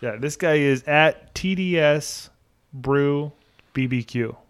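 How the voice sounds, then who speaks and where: A man's voice: fairly high pitch, slow, smooth. A man co-hosting a podcast in casual chat, telling stories in an easygoing way with fillers. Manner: easygoing storyteller, relaxed with fillers. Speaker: podcast co-host.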